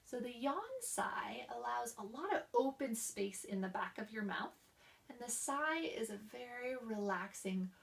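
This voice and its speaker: Her voice is fairly high with vocal fry, recorded at a distance, as this young woman presents voice therapy exercises to a class. She demonstrates them by coughing, sighing, and drawing her words out.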